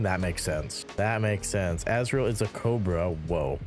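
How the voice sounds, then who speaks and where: A man's voice: fairly low pitch, animated, moderate pace, hardly any pauses, a little mellow, soft background music. A man streaming a building game, rambling casually and reading viewer chat aloud between giggles.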